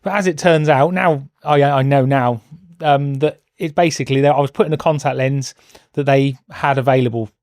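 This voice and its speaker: A man's voice: medium pitch, steady tone, moderate pace, darkish tone, no echo. A British man in casual conversation as a podcast guest, telling stories with self-deprecating, dry humor. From Britain. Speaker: guest, host's husband.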